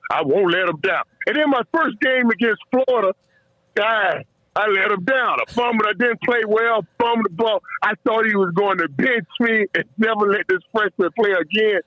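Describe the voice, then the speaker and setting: Excited storyteller man, muffled dry sound. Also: high voice, normal speed, no echo. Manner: animated, repeats and restarts words, laughs while telling stories. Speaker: guest, former football player. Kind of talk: emotional storytelling in a podcast interview.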